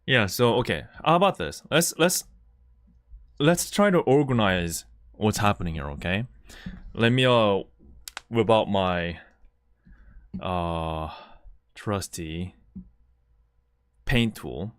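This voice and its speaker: A man talks through a live stream reaction with a lively, swinging pitch. He stammers and repeats himself as the feelings catch up with him. The mic is close and the sound is dry. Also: slow, long pauses, no echo. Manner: emotional, stammering, repeats words.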